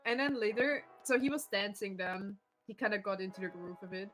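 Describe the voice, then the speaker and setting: A woman's voice: mid-range voice, a little fast, soft background music, poor audio. A woman streamer chatting casually at home, telling stories with lots of laughter and swearing. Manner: laughs often, animated storytelling, swears freely.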